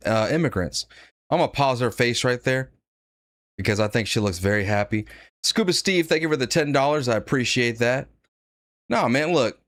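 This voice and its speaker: A man's voice: mid-range voice, dry recording, clean studio sound. A man giving blunt, sarcastic live-stream commentary, reading out donations and laughing at his own jokes. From United States.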